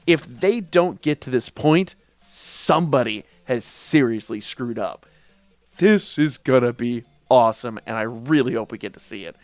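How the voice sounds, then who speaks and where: A man hosting a casual manga reaction review, excitable, slangy and emphatic. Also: mid-range voice, unhurried, faint music behind.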